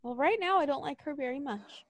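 A woman co-hosting a casual chat, ranting in an animated way with mock outrage and swearing. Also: sits high, fairly quick, no room sound, clean studio sound.

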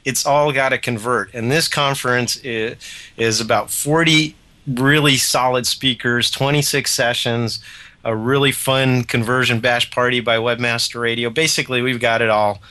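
Man, radio guest, bright clear voice, brisk, self-deprecating. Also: medium pitch, steady tone. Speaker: guest, conference chair. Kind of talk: phone-in radio interview.

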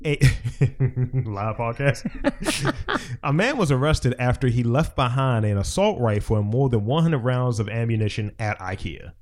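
A man's voice: mid-range voice, sing-song, unhurried. Male co-host, casual comedic chat, reads headlines, laughs a lot. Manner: reads news stories aloud, jokey, laughs often. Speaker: podcast co-host.

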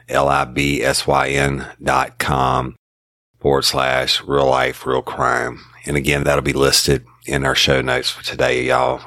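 A man's voice: extremely low pitch, bright, forceful tone, no room sound, clean studio sound. A man hosting a podcast in a drawling, folksy way. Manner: drawling, folksy, uses y'all. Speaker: podcast host. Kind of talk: casual podcast talk.

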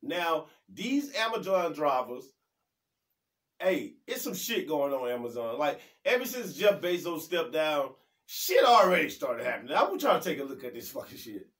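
Brief: male host, higher voice, loose profane riffing on news clips, choppy restarts. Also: big pitch swings, normal speed, fairly bright tone. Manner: loose, profane, restarts often, laughs in disbelief. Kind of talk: casual commentary on news clips.

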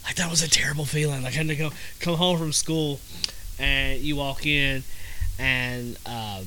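A man's voice: mid-range voice, fairly even intonation, normal speed, sharp tone, a little hiss or hum, low-quality recording. A man with a Southern American accent hosting a podcast in a casual, rambling monologue, repeating himself and using lots of fillers. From Southern United States. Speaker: podcast host.

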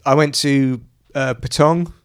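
A man's voice: medium pitch, steady tone, a little slow, smooth. A man hosting a podcast, telling stories in a rambling way full of fillers and casual swearing. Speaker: podcast host. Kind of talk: casual chat.

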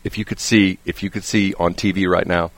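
A male radio host chatting casually in a studio, telling stories animatedly and laughing often, his voice a bit hoarse. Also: low-pitched, level tone, brisk, no room sound. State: slightly hoarse. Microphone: studio microphone.

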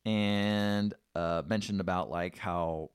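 A male podcast co-host casually retelling a movie's plot, dropping into quick voices for the characters and swearing freely. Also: low voice, fairly even intonation, clean tone, no room sound, studio quality. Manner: loose, chatty, swears freely. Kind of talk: casual film recap.

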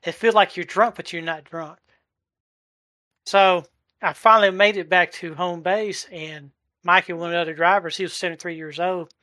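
A man in his forties giving a heartfelt personal testimony, halting and searching for words as he goes. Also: high voice, fairly even intonation, sharp tone, no room sound, studio quality. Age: 40s. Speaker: delivery driver sharing a testimony. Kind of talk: emotional personal testimony in a live chat.

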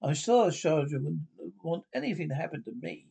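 A man's voice: fairly high pitch, expressive, moderate pace, vocal fry, mellow, breathy edge, exaggerated voice. A man voicing a nervous young wife and stepmother, read from a radio script with its stage directions. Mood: anxious. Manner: reads stage directions aloud before lines.

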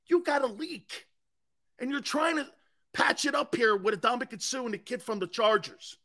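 Sports talk host, male, excitable and emphatic, bright sharp voice. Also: normal speed. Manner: excitable, emphatic, swings between shouting and low asides. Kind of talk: animated sports talk monologue.

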